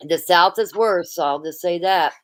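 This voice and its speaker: A woman's voice: on the low side, unhurried, fairly bright tone. A woman hosting a casual livestream, chatting and reading viewer comments aloud. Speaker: livestream host.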